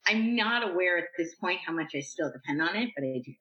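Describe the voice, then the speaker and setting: A woman guest on a podcast, telling stories from her life in a chatty, animated way, acting out what people said. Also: fairly low pitch, fast. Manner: chatty, animated, uses "like" a lot and acts out quotes. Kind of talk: casual storytelling interview. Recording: echoey room, slightly dull sound.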